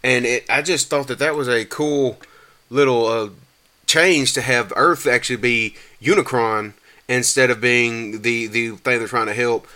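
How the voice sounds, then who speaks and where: A man with a drawl rants casually as a podcast host, in a voice of middling pitch. He rambles, trips over his own restarts and loops back to his point. When something irks him his voice climbs and turns animated. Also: a little slow. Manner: rambling, restarts often, gets animated and higher when exasperated. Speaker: podcast host reviewing a movie. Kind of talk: casual rant.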